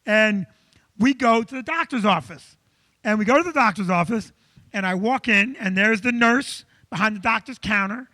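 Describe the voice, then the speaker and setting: High, bright-voiced comedian telling a story. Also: male voice, normal speed. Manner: animated, self-deprecating, acts out dialogue. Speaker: comedian and show host. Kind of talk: live stand-up storytelling. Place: comedy club stage.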